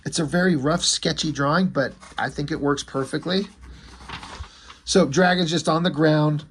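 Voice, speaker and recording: A man with a somewhat high, husky voice reviews a comic book in a casual, excited way. He swears freely and punches up the action with spoken sound effects like "boom" and "pow.". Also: moderate pace. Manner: enthusiastic, profane, retells scenes with sound effects.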